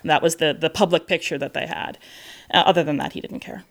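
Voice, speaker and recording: A woman author speaks earnestly with a somewhat low voice, sometimes restarting as she thinks. She also reads from her own book in a steady narrating voice. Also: fast talker. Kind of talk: interview talk and reading from her novel.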